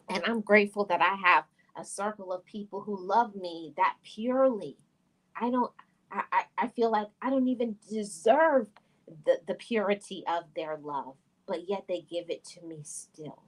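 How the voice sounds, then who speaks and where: A woman's voice: mid-range voice, low-quality recording. A middle-aged woman hosting a heartfelt self-help talk, speaking earnestly and emphatically and repeating phrases for stress. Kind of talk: heartfelt personal talk to camera.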